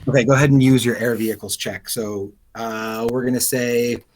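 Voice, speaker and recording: A man's voice: mid-range voice, steady tone, normal speed, slight background noise, low-quality recording. A man narrating as game master of an online tabletop game, describing scenes with frequent fillers and restarts. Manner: descriptive, hesitant with many fillers.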